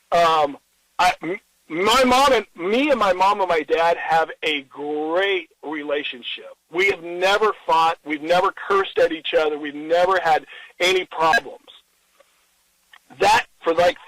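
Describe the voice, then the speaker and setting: A middle-aged man in an interview, telling a personal story in an earnest, halting way, with many restarts and quoted dialogue. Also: high-pitched, fairly bright tone, no echo, rough recording.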